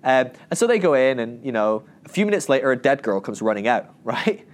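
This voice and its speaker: Speaking at medium pitch and a fairly quick pace, a man delivers an informal Bible lesson. His storytelling is animated as he acts out quoted voices, and he rambles through plenty of restarts and asides.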